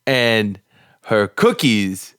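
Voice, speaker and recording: A man co-hosting a casual podcast, telling an anecdote in a relaxed way with swearing and laughs. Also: on the low side, very slow, clear, resonant tone, no echo, clean studio sound.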